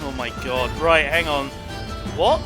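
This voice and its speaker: A man streaming a game live, excitably reacting and exclaiming as he plays. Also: fairly high pitch, unhurried, music in the background. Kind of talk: live gameplay commentary.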